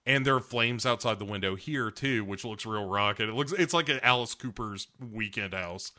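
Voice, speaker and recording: A man co-hosting a casual podcast, recapping a TV episode and acting out the characters' lines in quick animated bursts, swearing freely. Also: lowish voice, a little hiss or hum. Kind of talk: casual chat.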